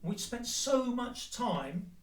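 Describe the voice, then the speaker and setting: A man's voice: very high-pitched, big pitch swings, slow, distant mic. Heated, sweary man ranting. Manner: heated, sweary, addresses his ex directly. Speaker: vlogger. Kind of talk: angry personal rant to the camera. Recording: echoey room, voice away from the mic.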